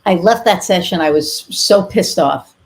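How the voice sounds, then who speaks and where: A woman's voice: on the low side, unhurried, a little hiss or hum. A woman podcast host chatting candidly, telling a personal story with casual swearing and lots of fillers. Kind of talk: casual interview chat.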